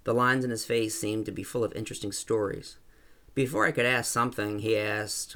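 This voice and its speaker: A man reading a first-person story aloud in a calm, even way. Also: lowish voice, a little fast. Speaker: narrator.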